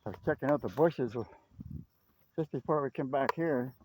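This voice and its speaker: A man's voice: mid-range voice, moderate pace. A man vlogging casually while walking his dog along a river trail, chatting and calling to the dog. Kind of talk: casual outdoor walk-and-talk. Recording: faint outdoor noise.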